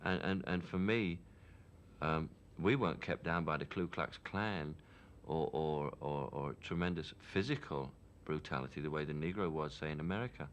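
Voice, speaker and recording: A man with a Cockney accent speaks in a very low, deep register, candid and opinionated as he reflects in a television interview. His tone stays frank and unguarded, and faint noise hums under the old archive recording. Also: normal speed. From London, England.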